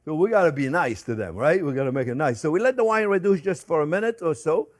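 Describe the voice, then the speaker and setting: An older French-accented man chats his way through a cooking demonstration at a slightly higher pitch than most men. He jokes with the viewers and stumbles over frequent fillers and restarts, talking easily in his kitchen. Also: animated, fast. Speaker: chef and host. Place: home kitchen.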